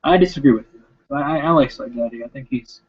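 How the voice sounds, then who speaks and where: A young man rambles through viewer questions in blunt, profane, casual talk. His voice is husky and mid-pitched. The recording sounds dull and lo-fi. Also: fast talker, darkish tone. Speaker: video host answering viewer questions.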